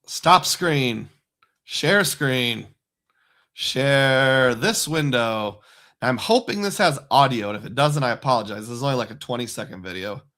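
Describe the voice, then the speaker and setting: A man's voice: mid-range voice, animated, unhurried, sharp tone. A man hosting a casual livestream, chatting loosely and reading out supporter names. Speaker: livestream host.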